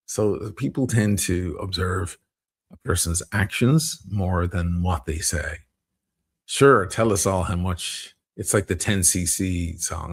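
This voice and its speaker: A man's voice: deep voice, moderate pace, creaky, husky. A man chatting casually on a live stream, rambling, swearing freely and laughing often between thoughts.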